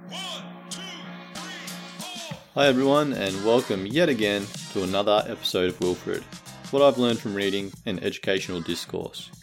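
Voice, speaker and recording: A man hosting a podcast, reading a scripted book summary in a measured, earnest way. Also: lowish voice, faint music behind. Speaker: podcast host.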